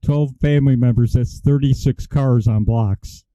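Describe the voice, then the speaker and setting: A man's voice: mid-range voice, steady tone, unhurried, dark tone, dry recording. A man chatting on a live-stream show, making wisecracks. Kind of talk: casual live-stream chat. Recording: dull lo-fi stream audio.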